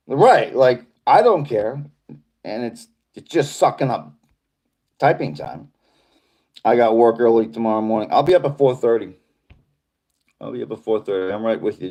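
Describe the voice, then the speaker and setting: A man's voice: on the low side, a little mellow. Laid-back Boston man chatting on a livestream. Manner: rambling, laid-back, reads viewer comments aloud. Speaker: livestream host. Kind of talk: casual livestream chat reading comments.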